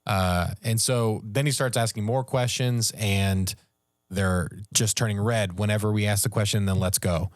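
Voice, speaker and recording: A man with a fairly low voice tells a story on a podcast in casual, animated talk. His voice climbs at the tense parts. The sound is dry and close to the mic. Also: unhurried, dry recording. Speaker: podcast co-host. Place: podcast studio.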